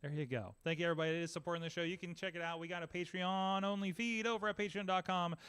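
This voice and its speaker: A man's voice: high voice, clean tone. A man hosting a live podcast, chatting casually and laughing easily with his co-host. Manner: lively, chatty, quick to laugh.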